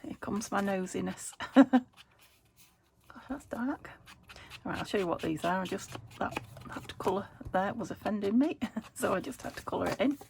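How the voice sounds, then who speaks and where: A woman's voice: medium pitch, lively intonation, moderate pace, gravelly, slight background noise. A British woman hosting a crafting vlog from her home craft room, chatting as she works, thinking aloud and laughing often. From United Kingdom. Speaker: crafting channel host.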